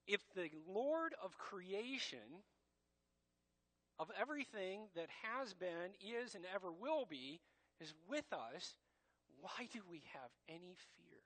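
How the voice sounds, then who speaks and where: A man's voice: sits high, big pitch swings, slow pace, a bit bright. A man preaching a sermon as pastor, emphatic and direct, addressing his congregation as church.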